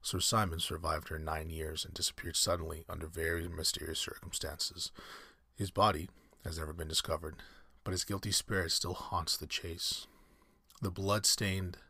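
A man voicing an old woman housekeeper who speaks in a low, mysterious voice. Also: creaky, bright, forceful tone, breathy edge, dry recording, studio quality, exaggerated voice.

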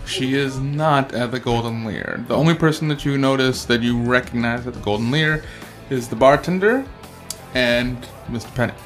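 A man narrating a tabletop game as game master, describing scenes in a relaxed way with fillers. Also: mid-range voice, moderate pace, faint music behind.

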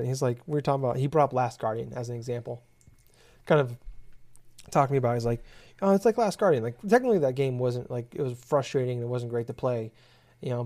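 A man's voice: mid-range voice, a little mellow. A man in casual chat, rambling and swearing as he rants about a game. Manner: profane, rambling, exasperated ranting.

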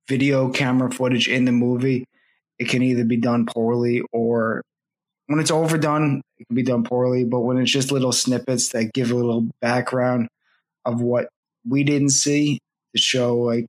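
A man in a mid-pitched voice gives his views on a horror movie during casual podcast chat. He reasons things out carefully, filling his sentences with "like". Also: steady tone, moderate pace. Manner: earnest, explains his reasoning with many "like"s. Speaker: podcast co-host. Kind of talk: casual chat reviewing a film.

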